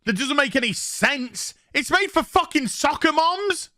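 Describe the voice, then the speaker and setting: A man's voice: very high voice, animated, unhurried, pushed and bright, no echo, clean studio sound. A man delivering an angry, sarcastic, sweary review rant to his channel. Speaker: YouTube reviewer. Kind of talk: ranting review vlog.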